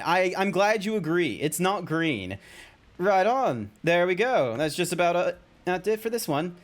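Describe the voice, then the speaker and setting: Australian male streamer, higher-pitched, very lively, swears, reads game lines aloud. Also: unhurried, soft background music. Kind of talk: casual game commentary.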